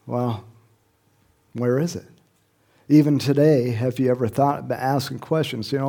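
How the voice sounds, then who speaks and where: A man's voice: mid-range voice, fairly even intonation, brisk, warm tone. A middle-aged man preaching a sermon in a conversational way, chuckling often and rising to emphatic questions. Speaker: pastor.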